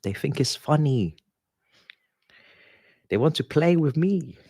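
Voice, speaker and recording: A man's voice: a little high, animated, takes it slowly, mellow, breathy edge, no echo, studio quality. A man hosting a live football watch-along, ranting in frustration and dropping into muttered asides. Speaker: live stream host.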